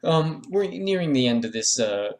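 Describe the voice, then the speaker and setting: A man's voice: on the high side, very animated, moderate pace, darkish tone. A man talking through a drawing tutorial in a meandering, joking voice-over full of fillers and restarts. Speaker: art tutorial creator. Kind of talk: rambling comedic voice-over.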